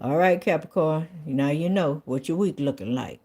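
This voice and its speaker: A woman's voice: low voice, moderate pace, mellow. A woman giving a casual tarot reading to viewers, chatty and blunt. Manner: chatty, blunt, swears, colloquial, repeats phrases. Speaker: tarot reader.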